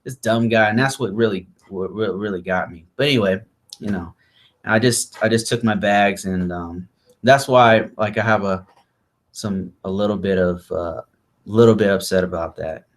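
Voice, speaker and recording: Low-voiced man telling an animated story. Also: normal speed. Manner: animated, acts out quotes of others. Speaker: vlog host. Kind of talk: casual storytelling chat.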